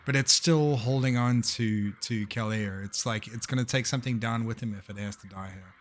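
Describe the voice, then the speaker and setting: A man's voice: mid-range voice, moderate pace, slight background noise. A young man as game master, narrating a tabletop game in a loose, upbeat way with plenty of fillers.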